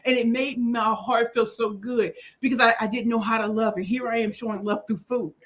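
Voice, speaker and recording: A woman appearing as a talk show guest, telling her personal story candidly and emphatically, with sudden loud bursts on key words. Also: on the high side, steady tone, brisk. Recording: slightly dull lo-fi audio.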